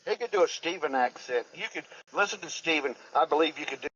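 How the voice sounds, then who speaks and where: A man's voice: a little high, expressive, quick pace, bright, forceful tone, breathy edge. A man in a casual group voice chat who mocks the others bluntly, heard through a dull lo-fi mic. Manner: blunt, mocking.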